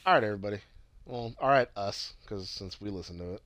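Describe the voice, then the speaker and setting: A man's voice: fairly low pitch, fast talker, a bit bright, dry recording. A man co-hosting a podcast, joking loosely and swearing a lot in casual banter. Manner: loose, swearing, jokey, rambling. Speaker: podcast co-host.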